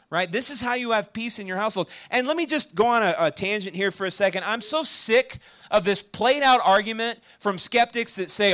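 A high-pitched male preacher addresses a campus ministry gathering at a slightly fast pace. His delivery is animated and casual, punctuated by frequent questions to the audience.

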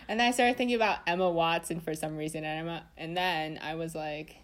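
A young woman chats about actors in a loose, rambling way full of fillers. Her voice sits somewhat low for a woman. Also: fairly even intonation, brisk. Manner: rambling, lots of "like" and "I don't know". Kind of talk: casual chat.

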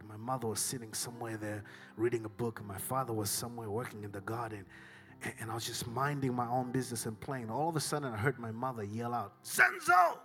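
A middle-aged man with a Southern African accent preaches a sermon. His voice is bright and forceful, and he moves between near-whispers and shouted peaks. Soft music plays faintly behind him. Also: medium pitch. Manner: swings from hushed whispers to shouted climaxes. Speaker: pastor.

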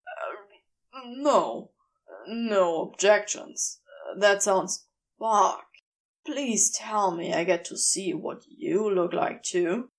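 A rough-voiced male demon, dry and sardonic under his fluster, as a woman reads him aloud. The lines come slowly, with a gravelly edge. It is a storybook reading. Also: medium pitch, pitched below the performer's own voice. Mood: wry.

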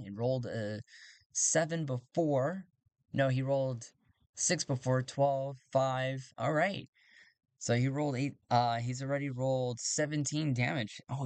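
A man's voice: mid-range voice, no echo. Man narrating a tabletop game, dry. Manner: casual, self-correcting, thinks aloud. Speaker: game master.

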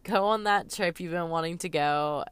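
A woman's voice: lowish voice, moderate pace, clear, resonant tone, dry recording. A young woman vlogging in a casual, emotional chat, talking to her viewers and filling her talk with "like" and "um". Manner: chatty, emotional, lots of "like" and "um". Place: Los Angeles.

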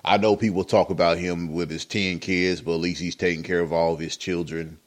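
A man's voice: deep voice, flat delivery, fairly quick. A man hosting a podcast, giving rambling, opinionated commentary with many fillers. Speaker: podcast host. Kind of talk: casual commentary.

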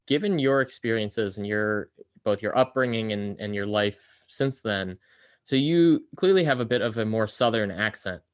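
A man with a lower-pitched voice takes part in a casual conversation. He sounds easygoing and asks questions with curiosity. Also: normal speed. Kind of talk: casual chat.

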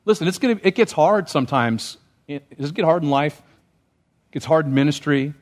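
A man's voice: on the high side, animated, fairly quick. A man preaching a sermon as pastor, in a casual, conversational way, often asking the congregation questions. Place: church sanctuary.

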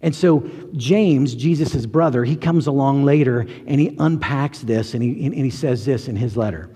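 Male pastor, casual sermon delivery, warm husky tone, reverberant church hall. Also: mid-range voice, moderate pace. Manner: conversational, rhetorical questions, acts out quotes.

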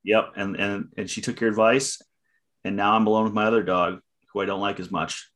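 A man co-hosting a podcast in casual chat, deadpan and teasing dryly. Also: fairly low pitch, fairly quick. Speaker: podcast co-host.

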